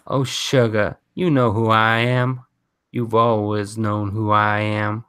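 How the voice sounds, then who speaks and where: A man voicing a creepy disembodied voice that speaks inside a character's head, slow and coaxing. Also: fairly low pitch, little pitch movement, fairly bright tone, clean tone, no room sound, clean studio sound.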